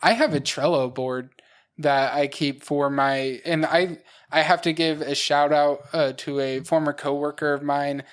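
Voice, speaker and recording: A man's voice: fairly high pitch, steady tone, unhurried, clear, resonant tone. Podcast co-host, male, methodical explainer, plain conversational delivery. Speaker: podcast co-host, dungeon master. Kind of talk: casual chat.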